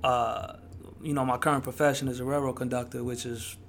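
A man guesting on a podcast in casual chat, speaking in a relaxed, reflective, slangy way. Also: medium pitch, brisk, gravelly, a little hiss or hum.

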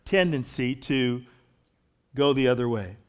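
A man's voice: medium pitch, measured pace, clear, resonant tone. A man preaching a sermon in a conversational way, growing emphatic as he reads and explains scripture. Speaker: pastor.

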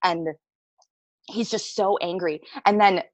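A woman's voice: medium pitch, steady tone, slow pace, darkish tone, dry recording, low-quality recording. Woman, actor, casual interview storytelling, frank and laughing, cursing freely, dry recording. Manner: candid, swears freely, laughs often.

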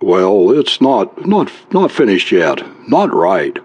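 A man's voice: lowish voice, sing-song, slow pace, husky, no echo, dull audio, full character voice. A man voicing a hunched, brooding husband who hesitates and mumbles, reciting grim verse. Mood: hesitant.

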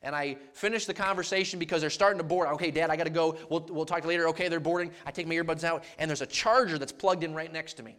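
A man preaching as a traveling evangelist, telling a personal story and acting out the dialogue with lively energy. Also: a little high, quick pace, hardly any pauses. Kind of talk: storytelling sermon.

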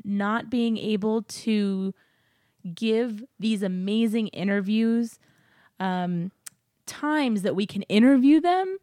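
A woman's voice: mid-range voice, takes it slowly, warm tone, dry recording, clean studio sound. A woman co-hosting a podcast in casual chat, talking in an upbeat way and laughing often as she talks. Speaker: podcast co-host. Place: new apartment studio.

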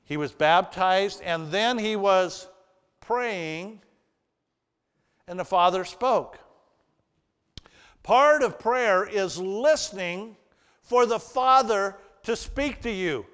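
A man preaching a sermon as pastor, shifting between loud emphasis and hushed, earnest passages. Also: sits high, takes it slowly, long pauses, clean tone. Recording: long reverb of a large hall.

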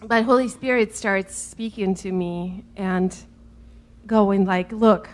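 A woman sharing a personal story in casual chat with her husband, laughing often. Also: medium pitch. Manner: giggly, slow, often laughing. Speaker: co-host, wife.

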